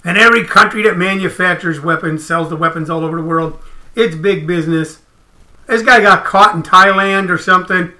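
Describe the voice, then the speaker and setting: A man hosting a casual livestream, ranting in an animated, emphatic, profane way. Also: sits high, a little fast. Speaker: comedian host.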